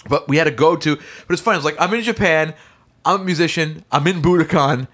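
A young man in casual chat, telling a lively story and acting out the voices of people in it. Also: on the high side, fairly quick. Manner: animated, acts out voices in stories.

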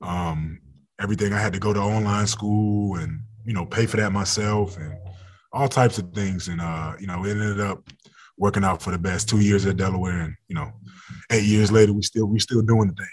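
A man's voice: on the low side, steady tone, moderate pace. A young adult man, a football player, talking casually in an interview, laid-back and often laughing.

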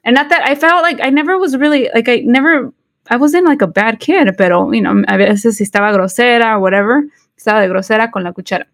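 A woman's voice: on the high side, fast, no room sound. Woman in her forties, chatty podcast co-host, dry close mic. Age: 40s. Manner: code-switching between English and Spanish, many fillers and restarts. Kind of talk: casual podcast chat.

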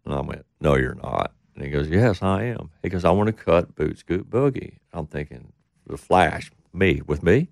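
A man's voice: low voice, lively intonation, moderate pace, vocal fry, dry recording, studio quality. A middle-aged man telling a rambling story in casual talk, acting out the voices of the people he quotes. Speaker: interview guest.

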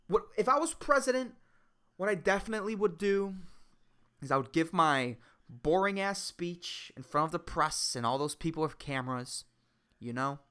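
A woman hosting a solo podcast, ranting sarcastically and swearing often, jumping between loud outbursts and low mutters. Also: lively intonation, normal speed, smooth. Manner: profane, rambling and sarcastic, says dude a lot. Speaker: podcast host.

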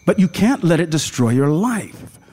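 A man voicing a blunt, forceful woman in a read-aloud story, speaking low and urgently. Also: big pitch swings, normal speed.

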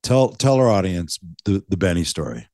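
A man with a very deep voice hosting a podcast, asking about stories in an easygoing, teasing way. His voice is recorded close and dry. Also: very animated, moderate pace, dark tone, no echo. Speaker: podcast host. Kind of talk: casual interview.

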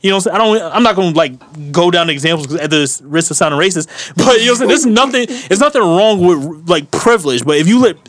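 A man telling a story in casual chat, animated and laughing often, swearing freely. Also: high voice, fast, few pauses.

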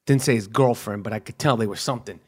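A middle-aged man hosting a podcast, delivering a profane, animated comedic rant full of swearing. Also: on the low side, husky. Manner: animated, crude, rapid-fire ranting with swearing. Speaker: podcast host.

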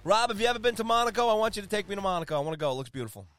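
A man's voice: high voice, animated, racing, fairly bright tone, faint music behind. A man co-hosting a sports podcast in casual chat, rattling off league standings with jokes and asides. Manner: chatty, jokey, rambling with fillers. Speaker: podcast co-host.

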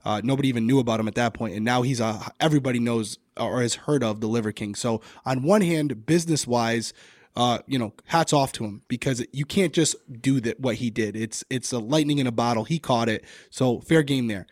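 A man's voice: medium pitch, brisk, no echo, clean studio sound. A man co-hosting a casual podcast, reading things aloud and commenting bluntly with plenty of swearing. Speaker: podcast co-host.

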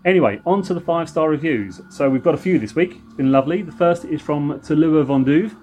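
A man's voice: on the high side, quick pace, a little mellow, slight background noise. A middle-aged man with a London accent, co-hosting a podcast in casual, joking banter. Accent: London English. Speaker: podcast co-host. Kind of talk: casual chat.

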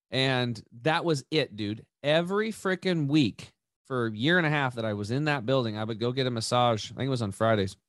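A man's voice: mid-range voice, dry recording, studio quality. A man hosting a podcast, telling a personal story casually, with frequent restarts and asides like "right" and "dude". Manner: rambling, animated, repeats and restarts, says "dude" and "right". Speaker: podcast host.

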